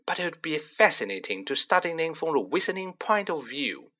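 A man's voice: on the high side, sing-song, fairly quick, sharp tone, voice pushed up, exaggerated voice. A man voicing an earnest, studious teenage girl witch who speaks precisely and a little lecturing. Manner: precise, serious, slightly lecturing.

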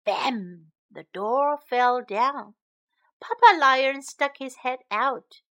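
A woman narrating a children's storybook for English learners, reading slowly, clearly and expressively. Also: sits high, pushed and bright.

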